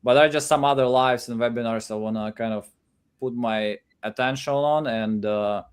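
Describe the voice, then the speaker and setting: A man's voice: mid-range voice, moderate pace, clean tone. A man co-hosting a live sales stream in casual chat, rambling and restarting his sentences.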